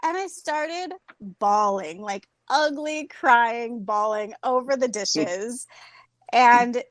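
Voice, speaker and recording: A woman in her thirties with a fairly high voice tells her own story in a candid, animated way. She speaks over a video call, and the sound is dry and close with no room around it. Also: takes it slowly, no echo. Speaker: guest speaker. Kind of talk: personal story in a group talk.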